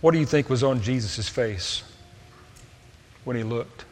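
A man preaching a sermon, earnest, moving between hushed tender passages and raised emphatic ones. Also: medium pitch, measured pace. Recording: long reverb of a hall.

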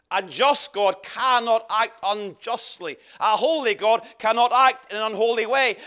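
High-voiced man preaching emphatically. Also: bright, forceful tone. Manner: emphatic, varied delivery with repeated phrases. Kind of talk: sermon.

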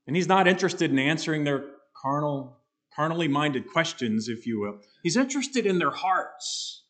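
A man preaching an expository sermon, earnest and emphatic, slowing down to stress key words. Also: a little high, big pitch swings, fairly bright tone. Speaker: pastor.

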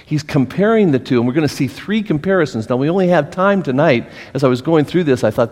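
Lively pastor in an echoing hall. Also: male voice, a little high, quick pace, few pauses. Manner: animated, asks the group questions, acts out scolding voices. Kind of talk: interactive Bible study teaching.

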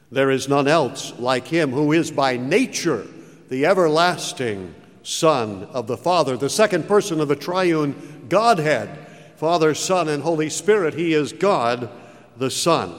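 A man preaching a sermon, slow and emphatic, with big dramatic rises and falls in his voice. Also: a little high, expressive. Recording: long hall reverb.

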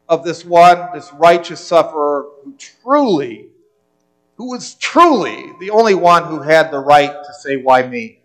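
A man's voice: on the high side, bright, forceful tone, poor audio. A male pastor preaching a sermon in an earnest way, often repeating words as he restarts a phrase.

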